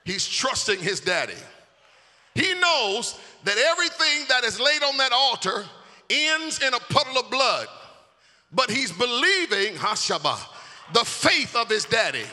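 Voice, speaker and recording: A man preaching a sermon in a church, shouting and half-singing his lines and leading the crowd in call-and-response. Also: very high voice. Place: church sanctuary. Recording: music and long hall reverb.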